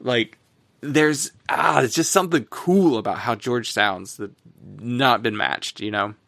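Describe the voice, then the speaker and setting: A man co-hosting a podcast, talking about music in a rambling, casual way, full of fillers and quick laughs. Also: medium pitch, vocal fry, fairly bright tone, no room sound. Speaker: podcast co-host.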